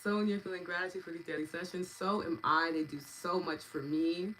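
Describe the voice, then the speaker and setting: A woman in her thirties, a meditation and EFT practitioner, hosting a live wellness session and chatting warmly with viewers by name. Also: lowish voice, steady tone, a little fast, a little hiss or hum, poor audio. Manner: gentle, affectionate and chatty, thanking viewers by name.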